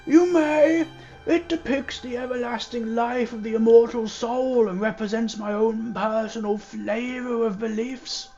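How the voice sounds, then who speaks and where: A man doing a stately priest figure from a mystery game, formal and pious in every phrase. The voice sits quite high and carries a dull, lo-fi quality. Faint music plays beneath. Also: steady tone, measured pace, a little mellow. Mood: solemn. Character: solemn middle-aged male priest with formal speech.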